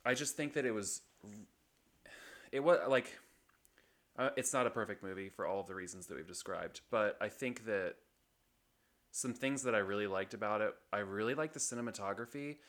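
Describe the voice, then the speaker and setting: A man's voice: fairly low pitch, normal speed, fairly bright tone. A young man co-hosting a podcast in casual chat, rambling and hesitant, with many fillers. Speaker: podcast co-host.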